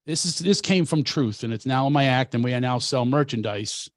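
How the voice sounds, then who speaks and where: A man's voice: mid-range voice, moderate pace, no echo, clean studio sound. A comedian and coach from Philadelphia, a man telling brash, self-mocking stories in casual chat.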